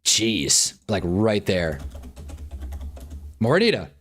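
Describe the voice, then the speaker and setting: A man's voice: fairly low pitch, sing-song, slow pace, fairly bright tone. A man hosting a livestream in casual chat, thinking aloud, muttering and swearing now and then. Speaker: livestream host. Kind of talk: casual live-stream chat.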